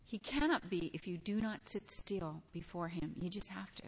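A woman's voice: on the low side, lively intonation, moderate pace, husky. An older woman preaching a sermon in a conversational way, weaving in personal stories and asking her listeners direct questions.

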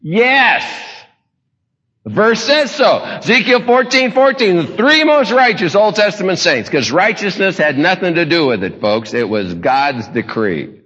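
A high, bright-voiced male preacher who tells stories with folksy jokes and chuckling asides. The sound is dull and lo-fi, caught in a large hall with a long reverb. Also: big pitch swings, unhurried. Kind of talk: humorous sermon storytelling.

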